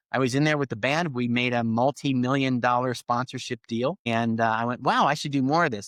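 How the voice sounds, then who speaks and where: A middle-aged man telling business stories in a casual interview, acting out quoted lines with lively swings. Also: mid-range voice, dry recording. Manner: animated storyteller, acts out quoted lines. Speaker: podcast guest.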